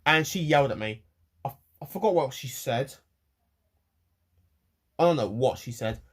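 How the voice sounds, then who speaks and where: A man ranting on a personal vlog to camera, rambling and halting with many restarts and repeated words, emotional and close to tears. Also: mid-range voice, animated, husky. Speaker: vlogger.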